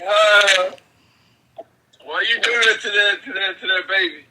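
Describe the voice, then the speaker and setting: A man's voice: sits high, normal speed, background noise. A middle-aged father retelling a family video, laughing hard as he talks. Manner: laughing, animated storytelling. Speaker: vlogger's father. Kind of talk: casual phone call.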